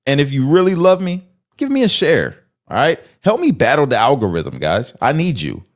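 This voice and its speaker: A man's voice: mid-range voice, very animated, normal speed. A man hosting a reaction video, talking bluntly and mockingly straight to his viewers in casual commentary.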